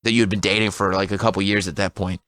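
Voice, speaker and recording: A man in his thirties telling a funny story on a radio talk show, animated and laughing often. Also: sits low, very fast, no room sound, studio quality. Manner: animated, laughs often, mimics voices in quotes.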